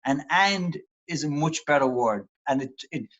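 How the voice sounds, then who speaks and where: A man's voice: on the high side, animated, moderate pace, fairly bright tone, dull audio. An Irish man, a performance psychologist, talking earnestly and reflectively in an interview, coaching listeners on how they speak to themselves. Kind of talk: motivational interview talk.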